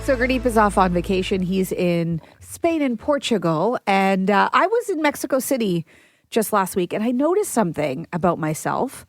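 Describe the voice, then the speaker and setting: A woman's voice: mid-range voice, sing-song, moderate pace, no echo, clean studio sound, faint music behind. A woman from Toronto hosting a casual radio show, chatting, laughing and reading listener texts aloud. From Toronto, Canada. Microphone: dry studio mic.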